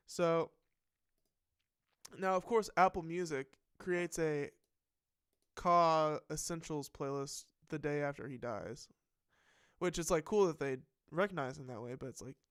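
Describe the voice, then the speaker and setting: A man's voice: on the high side, a bit bright, clean tone, dry recording, clean studio sound. A man hosting a live stream, chatting casually and telling a rambling story with plenty of swearing. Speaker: livestream host. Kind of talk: casual livestream chat.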